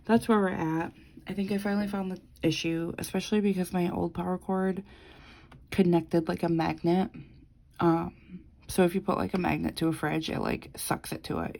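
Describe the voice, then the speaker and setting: A woman's voice: fairly low pitch, vocal fry, darkish tone, low-quality recording. A woman vlogger chatting casually as she decorates her planner, rambling through a story with lots of fillers and the odd swear.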